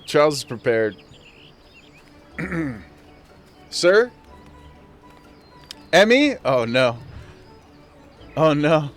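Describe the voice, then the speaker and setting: A man's voice: fairly high pitch, big pitch swings, very slow, pauses often, faint music behind. Playful man chatting on a game stream. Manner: playful, laughs often, talks straight to chat. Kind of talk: casual live-stream chat while gaming.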